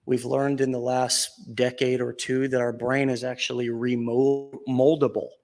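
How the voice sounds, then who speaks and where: A man giving an energetic, joking motivational talk to a live audience at an event, jumping between loud bursts and hushed asides. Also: mid-range voice, unhurried. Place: event venue.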